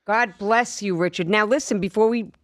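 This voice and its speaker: A woman co-hosting a comedy podcast in easy chat. Her voice sits at an ordinary middle pitch, and she keeps teasing the guest and jumping in with quips. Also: no echo, clean studio sound. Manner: teasing, quick to laugh and chime in. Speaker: podcast co-host. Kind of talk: casual chat.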